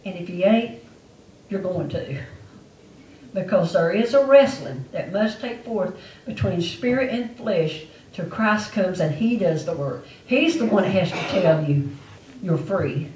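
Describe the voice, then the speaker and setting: A woman's voice: lowish voice, expressive, unhurried, a little mellow, a little hiss or hum. A woman preaching a testimony sermon to her church with an emphatic, repetitive delivery. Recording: echoey room, mic far off.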